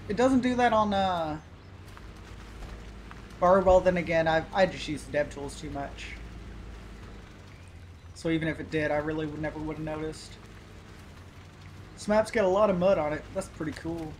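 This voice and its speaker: A man's voice: on the high side, normal speed, pauses often, poor audio. A man giving casual, rambling gameplay commentary as a gaming YouTuber, easygoing and full of filler. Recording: loud game engine noise behind. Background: truck engine and game sounds.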